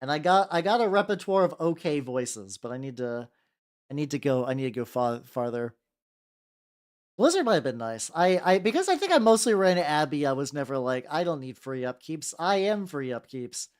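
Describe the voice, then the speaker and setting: Rambling young man, lively pitch. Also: normal speed. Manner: rambling, self-deprecating, lots of restarts and fillers. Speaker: VTuber streamer painting miniatures. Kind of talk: casual chat while painting.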